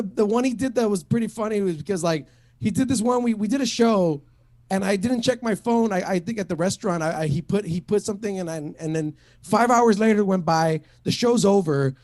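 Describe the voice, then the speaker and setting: A man's voice: high voice, darkish tone. A man doing a stand-up set at an online open mic, rambling and profane, full of fillers and restarts. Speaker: stand-up comic.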